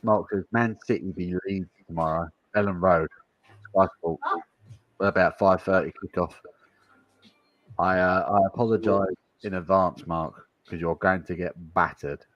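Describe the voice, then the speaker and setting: Stand-in stream host: man, low-ish voice, easygoing banter with viewers. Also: measured pace, highs cut off. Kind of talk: casual pub chat, reading viewer comments.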